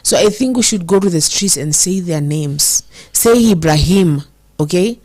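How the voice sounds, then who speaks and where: Her voice is lowish and a little mellow, and she speaks expressively. An emotional Kenyan host reading viewer comments in casual commentary, she mixes English and Swahili and slows to emphasize words.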